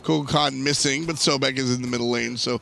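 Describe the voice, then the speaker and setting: A man's voice: medium pitch, fairly even intonation, fast talker, gravelly, fairly bright tone, a little hiss or hum. A man casting live esports, breaking down picks and items in an analytical, chatty way with frequent restarts. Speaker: esports caster.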